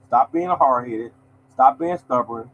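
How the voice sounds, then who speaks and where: A man's voice: mid-range voice, a little slow, muffled recording, slight background noise. A man hosting a lottery podcast in a casual, emphatic monologue, repeating his points and calling listeners y'all.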